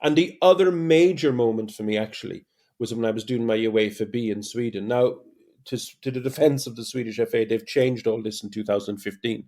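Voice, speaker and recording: A middle-aged man with a mellow, warm voice tells stories as a podcast guest. He talks in an animated way and restarts often, with the easy pace of casual conversation. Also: mid-range voice, a little fast. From Ireland. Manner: animated storytelling, many restarts.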